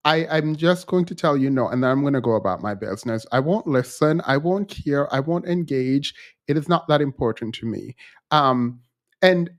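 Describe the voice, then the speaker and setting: A man hosting a casual live-stream commentary, telling stories with animation and mimicking others in a raised voice. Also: a little high. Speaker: channel host.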